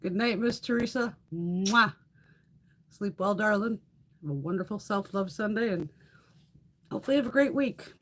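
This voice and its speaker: A woman's voice: medium pitch, moderate pace, long pauses, a bit bright. A middle-aged woman hosting a beauty livestream, chatting casually with viewers, swearing freely and laughing often.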